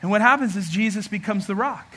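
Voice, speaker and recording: A man preaching a sermon as pastor, animated and humorous, acting out everyday scenes. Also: high voice, fast talker.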